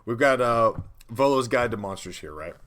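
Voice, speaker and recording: A man's voice: medium pitch, lively intonation, normal speed, fairly bright tone. A man co-hosting a casual chat about tabletop game prep, rambling and laid-back. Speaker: podcast co-host.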